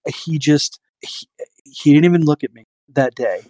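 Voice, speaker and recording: A man's voice: on the high side, lively intonation, moderate pace, darkish tone, no room sound. Rambling man on a casual podcast. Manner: rambling, many fillers and restarts. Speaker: podcast co-host.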